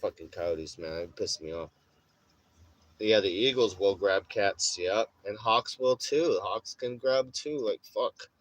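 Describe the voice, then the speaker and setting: A man's voice: fairly low pitch, slow pace, poor audio. A young man casually telling a rambling story full of swearing, often saying bro. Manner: profane, rambling, says bro a lot. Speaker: vlogger.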